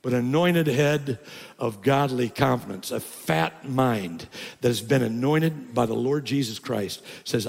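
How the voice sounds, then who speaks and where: An older pastor delivers a sermon in a gravelly voice, now and then climbing into loud, high-pitched emphasis. His words ring out in a church sanctuary with a long, trailing reverb. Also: expressive, normal speed.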